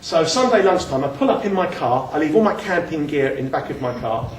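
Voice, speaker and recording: Guy chatting through his slides, a bit high, sounds far off in a roomy hall with faint hum. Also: expressive, a little fast. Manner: chatty, self-deprecating, with frequent restarts and chuckles. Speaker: speaker giving a talk. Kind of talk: casual talk with slides. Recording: echoey room, mic at a distance.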